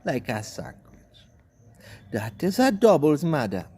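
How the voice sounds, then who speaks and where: A man with a thick Trinidadian accent rants through a rambling comic story, his fairly high voice swinging up and down as he cusses and carries on. It is loose, chatty dialect talk with a showman's bounce. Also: sing-song, measured pace, a little mellow, husky. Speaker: online commentator.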